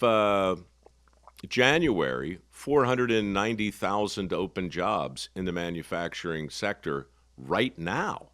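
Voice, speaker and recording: Brief: man in his 60s, podcast host, low voice with lively swings, folksy teasing delivery, dry close sound. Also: no echo. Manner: folksy, teasing, emphatic storyteller. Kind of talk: casual conversational interview.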